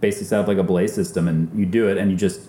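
A man's voice: deep voice, fairly even intonation, very fast, mellow, roomy sound. A man, a guest, telling a long casual story in a laid-back way, laughing now and then. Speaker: guest, race car driver.

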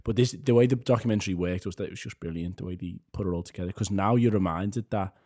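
A man co-hosting a podcast in casual chat, chatty and animated, laughing often. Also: low-pitched, quick pace. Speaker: podcast co-host.

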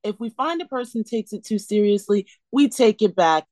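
A woman's voice: mid-range voice, animated, moderate pace, warm tone, dry recording. A woman co-hosting a podcast, ranting sarcastically and emphatically in a casual recap chat. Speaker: podcast co-host.

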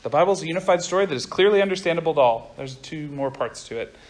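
A young man with a high voice preaches a casual youth sermon. He talks fast and chatty, often breaking off mid-sentence to restart. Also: expressive. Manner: fast-talking, chatty, self-interrupting. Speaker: youth pastor. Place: room with a group of listeners.

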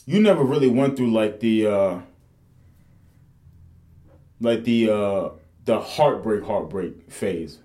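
A man's voice: fairly low pitch, lively intonation, slow, pauses often, warm tone, echoey room. A young man co-hosting a podcast, telling loose, profane stories full of fillers. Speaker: podcast co-host. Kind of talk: casual chat.

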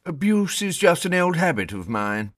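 Man putting on a curt, sneering boozy politician for an audio story, pitch swinging wildly, dry close sound. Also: very animated, normal speed, dry recording. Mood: gruff. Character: sneering hard-drinking nervous blond male politician.

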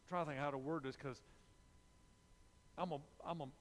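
A man's voice: a little high, steady tone, normal speed, big-room sound. A man preaching a sermon, repeating key phrases with emphasis and dropping into confessional asides.

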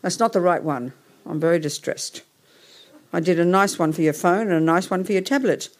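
A woman's voice: on the low side, brisk. Rambling Englishwoman leading a group. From England. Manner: rambling, self-interrupting, talks while sorting things out. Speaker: session leader. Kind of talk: leading a hybrid group session. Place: meeting room with a live audience and remote listeners.

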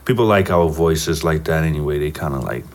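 A man co-hosting a podcast, talking in a laid-back, halting way and often repeating himself. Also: extremely low pitch. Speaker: podcast co-host. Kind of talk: casual chat.

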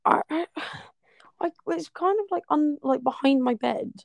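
A woman's voice: sits high, unhurried, vocal fry, dry recording. A young woman with a West Country accent, co-hosting a casual podcast chat, laughing often and throwing in sarcastic, sweary asides. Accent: West Country English. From West Country, England. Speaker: podcast co-host.

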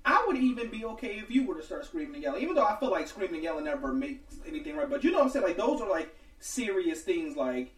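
Podcast co-host in his twenties, man, high animated voice, roomy sound. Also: quick pace, few pauses. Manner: rambling, lots of "like". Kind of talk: casual chat.

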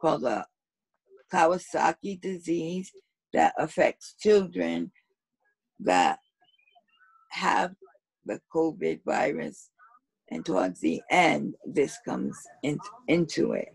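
A woman co-hosting a podcast in a casual news chat, her voice hoarse and gravelly, talking slowly with many pauses. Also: low voice, very animated, dry recording, rough recording. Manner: slow, halting delivery with many pauses. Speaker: podcast co-host.

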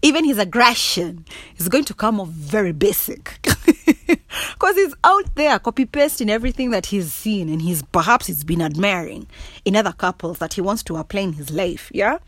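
A woman's voice: medium pitch, normal speed, dry recording. A young Kenyan woman with a Kenyan accent, vlogging casually, laughing often and speaking bluntly with frequent swearing. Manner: laughs often, blunt and cussing, animated and emphatic. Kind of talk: casual monologue to camera.

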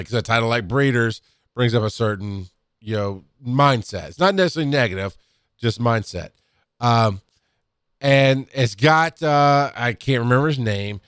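A middle-aged man co-hosting a podcast, telling a story in casual chat, swearing freely and loudly acting out quotes. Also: on the low side, smooth, no room sound, clean studio sound. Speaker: podcast co-host.

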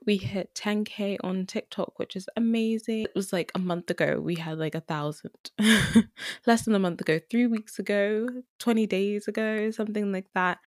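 A woman's voice: medium pitch, no room sound, studio quality. A young woman hosting her own podcast, chatting casually and poking fun at herself with frequent laughs. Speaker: podcast host. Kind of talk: casual solo podcast chat.

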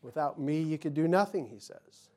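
A man's voice: a little high, animated, moderate pace, dark tone. A middle-aged male pastor telling folksy personal stories in a sermon, acting out the voices of the people in them. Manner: folksy storytelling, acts out quotes.

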